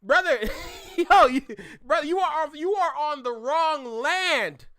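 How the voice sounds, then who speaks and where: A man's voice: very high voice, measured pace, sharp tone. A man hosting a reaction video, talking casually with slang and laughter and repeating his disbelief.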